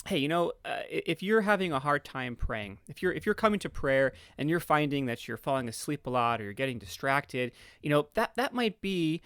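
A man's voice: on the high side, sing-song, fairly quick, few pauses, fairly bright tone, clear, resonant tone, no echo, studio quality. A man with a Philadelphia accent, a podcast guest explaining earnestly, with many repeats and fillers. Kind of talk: explaining in casual conversation.

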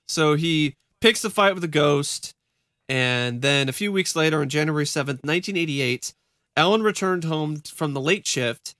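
A man's voice: a little high, a bit bright, no echo, studio quality. A man co-hosting a podcast, chatting casually and animatedly, often laughing and restarting his words. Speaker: podcast co-host. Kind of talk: casual chat.

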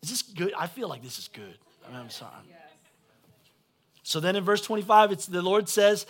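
High-voiced, bright, blunt preacher. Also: male voice, sing-song, normal speed, pauses often, slightly rough. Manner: swings from quiet asides to loud shouted exhortation. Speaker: pastor. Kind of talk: sermon.

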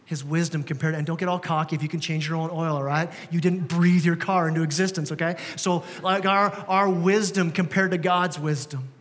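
Pastor, male, 30s, chatty sermon style that keeps asking the room questions, high-pitched voice, church hall echo. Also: steady tone, a little fast, hardly any pauses, a bit bright. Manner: conversational, asks the congregation rhetorical questions. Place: church sanctuary. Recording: long church hall reverb.

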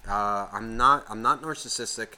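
A man co-hosting a podcast, ranting with constant swearing and sudden loud outbursts. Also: fairly low pitch, normal speed, clear, resonant tone. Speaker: podcast co-host. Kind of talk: casual podcast rant.

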